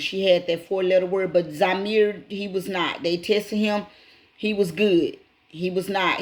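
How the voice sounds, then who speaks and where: A woman hosts her own channel and talks straight to her viewers in a casual, emphatic way, often calling them y'all. Her voice sits low and she takes her time, repeating the key points slowly. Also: a little mellow. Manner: addresses viewers directly as y'all. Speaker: channel host. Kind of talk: casual true-crime retelling to viewers.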